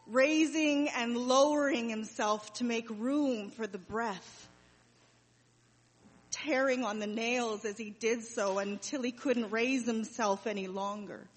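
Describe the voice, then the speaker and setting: A grieving mother, played by a woman, speaks in a fairly high voice with slow, heavy pauses. The monologue rings out with a long reverberant hall tail. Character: Mary, grieving mother recalling her son's death. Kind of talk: dramatic monologue.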